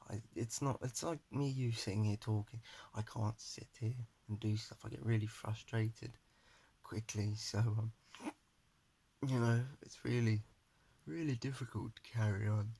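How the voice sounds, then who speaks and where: A young man talking to a phone camera in his flat, giving a rambling, earnest personal monologue and pep talk. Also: lowish voice, husky. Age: young adult. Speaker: vlogger. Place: his flat at home, indoors. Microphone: phone camera held in front of face.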